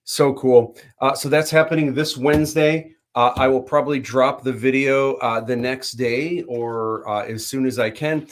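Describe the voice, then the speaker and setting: A man's voice: mid-range voice, fairly even intonation, moderate pace, few pauses, a little hiss or hum. A man hosting a casual livestream, announcing upcoming plans in an upbeat way with many ums. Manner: upbeat announcer-like, hesitant with fillers. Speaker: host.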